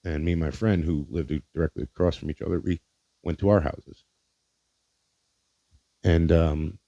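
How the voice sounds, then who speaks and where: A man's voice: low voice, dark tone, dry recording, dull audio. A man hosting a podcast, telling a personal story in a candid, profane way, often stumbling over and repeating his words. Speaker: podcast host.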